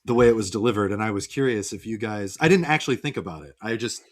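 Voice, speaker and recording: A man in his forties, a podcast co-host, talking in an animated, laughing way and swearing. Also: fairly low pitch, fast. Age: 40s. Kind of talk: casual chat.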